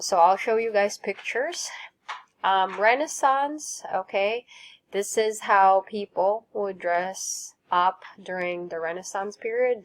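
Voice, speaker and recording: A woman teacher giving a vocabulary lesson, enunciating each word carefully and explaining terms simply with gentle praise. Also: on the low side. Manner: slow, careful enunciation with repeat-after-me drills.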